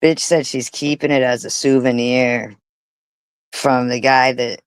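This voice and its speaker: Woman streamer, slow scornful commentary, crude mouth, dry close sound. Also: extremely low pitch, steady tone, clear, resonant tone, no echo, low-quality recording. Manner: profane, mocking, disgusted. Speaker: livestream host. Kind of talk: casual livestream commentary.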